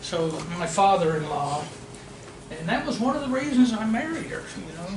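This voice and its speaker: A man's voice: sits high, very noisy. A man, a real estate trainer telling jokes and stories to a seminar audience. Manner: storytelling, jokey, talks to the room. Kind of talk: joke-filled seminar talk. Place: meeting room. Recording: echoey meeting room, faint ambience.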